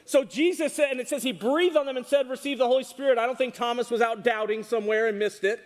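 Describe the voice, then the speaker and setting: A man preaching a sermon to a congregation, animated and often asking them questions. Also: very high-pitched, quick pace. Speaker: pastor. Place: church hall with congregation. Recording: reverberant hall.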